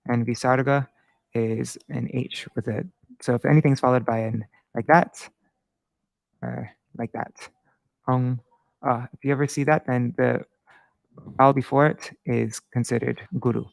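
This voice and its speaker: A man teaching Sanskrit verse meter in a casual live-streamed lesson, patient and halting, thinking aloud and chanting syllable patterns slowly. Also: medium pitch, fairly even intonation, gravelly, no echo, clean studio sound.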